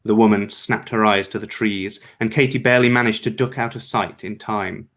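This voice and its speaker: A man's voice: fairly low pitch, fairly even intonation, moderate pace, fairly bright tone. Man reading a story aloud. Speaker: author.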